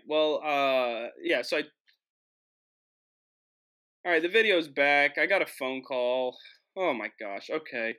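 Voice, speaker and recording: A young man from the United States tells a travel story in a loose, jokey monologue. His voice is bright and forceful, and he often restarts his sentences before pushing on with energy. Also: mid-range voice, a little slow, pauses often. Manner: animated, jokey, frequent restarts. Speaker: host.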